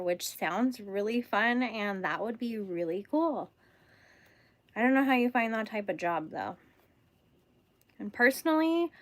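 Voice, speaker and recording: A woman's voice: on the high side, dry recording. A young woman from California with a Californian accent, hosting a casual crochet livestream, chatting bubbly with viewers and laughing often. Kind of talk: casual live-stream chat with viewers.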